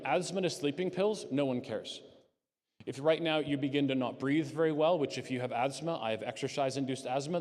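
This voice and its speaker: A man giving an earnest, conversational talk as a conference speaker to a live audience, with lively emphasis. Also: mid-range voice. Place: conference hall. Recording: long reverb of a hall.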